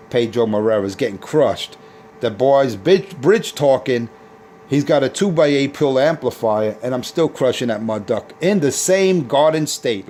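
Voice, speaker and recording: A man's voice: mid-range voice, a little mellow, a little hiss or hum. A man on a CB radio taunting rival operators in a boastful, repetitive way. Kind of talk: trash-talking radio banter.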